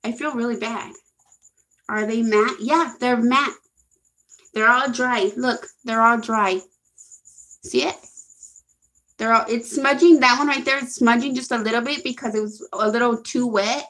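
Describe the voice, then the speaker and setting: Young woman chatting on a livestream, kinda high voice, excitable, reads out comments as they come in. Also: unhurried, pauses often. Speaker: livestream host. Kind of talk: casual live chat reading comments.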